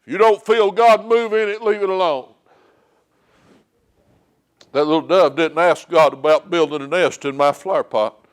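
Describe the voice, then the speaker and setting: A man's voice: fairly high pitch, normal speed, long pauses, clear, resonant tone. A man preaching a sermon in a church, plain-spoken and folksy, telling homespun stories. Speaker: lay preacher. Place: church sanctuary.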